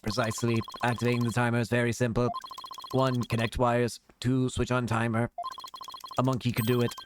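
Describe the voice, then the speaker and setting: A man voicing a terse male bomb disposal expert in a game, speaking in a flat, clipped, mechanical way. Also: mid-range voice, brisk, background noise, close to an everyday voice. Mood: robotic. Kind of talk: video game voice acting.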